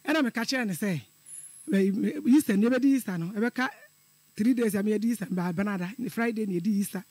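A man's voice: high voice, brisk, a little mellow, no room sound. A middle-aged man calling in to a radio show, telling a personal story in an earnest, repetitive way. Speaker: caller.

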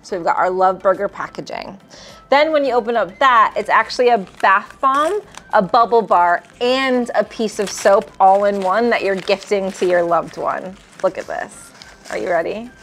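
A woman's voice: medium pitch, animated, normal speed, fairly bright tone, slight background noise. Bubbly woman presenting beauty products. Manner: bubbly, gushing about cute products. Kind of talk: enthusiastic product showcase.

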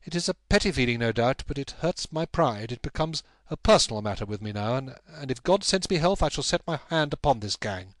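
An intense, brilliant detective, as a male reader puts him on for an audiobook, brisk and emphatic. The voice is lifted above the reader's usual range and carried with extra force. It is recorded close and dry, with no room sound. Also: medium pitch, animated, no echo, natural voice. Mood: agitated. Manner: brisk, emphatic, raised delivery. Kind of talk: audiobook character voice.

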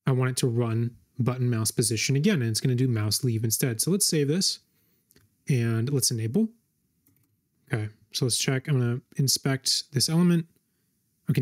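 A man hosting a coding tutorial, thinking aloud as he types, with frequent fillers and quick self-corrections. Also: medium pitch. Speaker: web design tutorial host. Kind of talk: screen-recorded coding walkthrough.

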